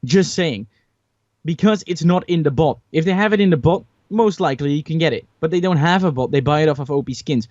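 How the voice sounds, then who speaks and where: A man's voice: on the high side, fairly quick, a little mellow, dry recording. A young man hosting a casual gaming podcast, talking in an opinionated way with many fillers and restarts. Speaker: podcast host. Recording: dry, dull lo-fi mic.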